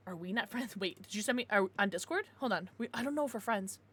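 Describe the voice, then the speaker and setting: A woman streamer chatting casually with her viewers, excitable and swearing freely. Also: medium pitch, quick pace, hardly any pauses, slight background noise. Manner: laughs and gasps often. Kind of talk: casual livestream chat with viewers.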